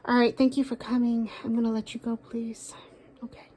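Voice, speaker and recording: A woman doing a casual tarot reading, talking aloud to a spirit, with sighs, pauses and soft asides. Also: fairly high pitch, flat delivery, a little hiss or hum. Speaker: tarot card reader.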